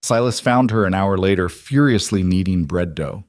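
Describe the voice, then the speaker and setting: A man narrating a western story in a measured, deliberate scripted reading. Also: deep voice, a little mellow, no room sound, studio quality.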